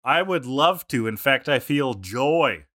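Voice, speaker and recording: A man's voice: medium pitch, animated, measured pace, sharp tone, no room sound, clean studio sound. A man co-hosting a casual podcast chat, playful and joking, laughing often. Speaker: podcast co-host.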